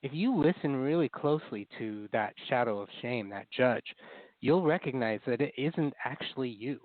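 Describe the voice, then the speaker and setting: A man's voice: mid-range voice, animated, moderate pace, dry recording, phone-quality sound. A man speaking as a therapist guest in an interview, explaining ideas in an earnest way and acting out inner critical voices.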